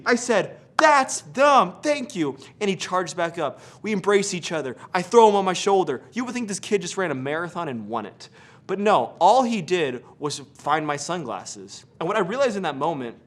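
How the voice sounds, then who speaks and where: A man from Arizona, a pastor giving a short devotional sermon and telling a personal story in a casual, animated way. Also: mid-range voice. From Arizona, USA.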